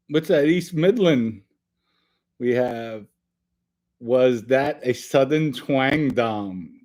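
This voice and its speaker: A middle-aged man hosting a casual live stream, reading chat and joking with viewers in loose talk with sudden loud bursts. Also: mid-range voice, slow.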